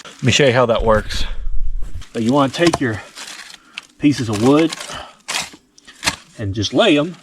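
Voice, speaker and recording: A man's voice: mid-range voice, lively intonation, measured pace, long pauses, background noise. A man vlogging outdoors at night, explaining plainly how to start a fire. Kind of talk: vlog narration.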